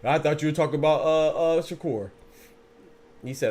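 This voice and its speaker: A man's voice: fairly high pitch, moderate pace, darkish tone. Slangy man hosting a boxing stream. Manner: slangy, repeats words while thinking. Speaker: boxing podcast host. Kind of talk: casual livestream talk, reading viewer chat.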